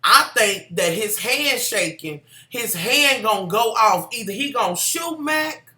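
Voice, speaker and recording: A sassy, foul-mouthed vlogger chats through a TV drama recap, calling the audience y'all and honey. The voice is bright and forceful, at an ordinary pitch. The room adds a noticeable echo. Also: animated, measured pace. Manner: sassy, profane, talks to viewers as y'all and honey. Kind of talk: casual show recap.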